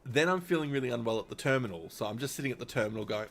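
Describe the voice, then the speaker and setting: A man's voice: mid-range voice, rapid-fire, fairly bright tone, slight background noise. A man streaming, telling a long personal story in casual, rambling talk full of fillers and little laughs.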